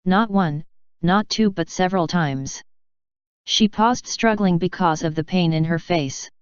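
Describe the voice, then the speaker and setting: A woman narrating an audiobook in an even, steady reading, on a dull lo-fi recording. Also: lowish voice, measured pace, smooth, dry recording.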